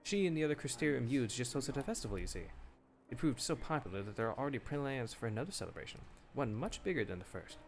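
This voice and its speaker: A man's voice: mid-range voice, big pitch swings, quick pace, soft background music. A man reading aloud the lines of a formal, earnest woman who leads a city, in his own plain voice without any accent. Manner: reads game dialogue aloud in a plain voice, no accent. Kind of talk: reading game dialogue aloud.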